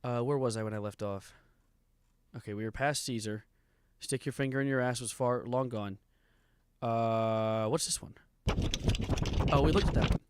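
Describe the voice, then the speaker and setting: A man's voice: mid-range voice, moderate pace, long pauses, slight background noise. A man livestreaming, casually reacting to clips with wry asides and laughter. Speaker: streamer.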